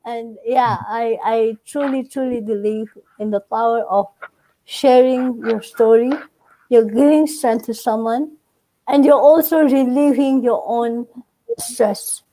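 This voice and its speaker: A woman's voice: on the high side, slow, a little hiss or hum, low-quality recording. A woman, a guest on a live online panel, telling her story with emotion and quoting herself and others. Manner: emotional, animated storytelling with quoted dialogue.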